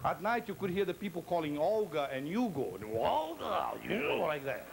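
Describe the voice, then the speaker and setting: A male stand-up comedian with a high voice that leaps all over the place as he tells his routine. He talks in a theatrical, playful way and teases people in the audience. A faint murmur sits behind him in the live room. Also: expressive, brisk, slight background noise, low-quality recording.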